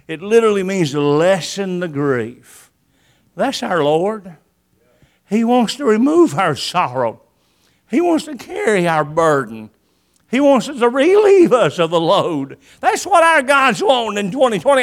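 A man preaching a sermon, paraphrasing scripture in folksy talk and swinging between soft low passages and loud high cries. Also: big pitch swings, a little slow.

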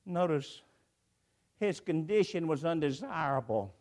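A man's voice: fairly high pitch, animated, measured pace, darkish tone. A man preaching a sermon to a congregation, emphatic, with repeated phrases and swelling cries. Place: church before a congregation.

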